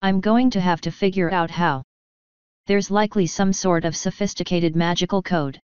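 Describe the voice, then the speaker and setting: A woman voicing an earnest, studious young female pony who leads her friends, in her own low, clear reading voice. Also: steady tone, normal speed, darkish tone, dry recording, close to an everyday voice. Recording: dull lo-fi dry recording.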